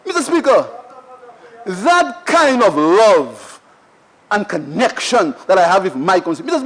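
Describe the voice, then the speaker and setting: High-pitched Saint Lucian man orating. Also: rough recording. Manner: emphatic oratory, heavy repetition, keeps addressing the Speaker. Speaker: member of parliament. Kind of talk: parliamentary budget debate speech. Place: parliament chamber.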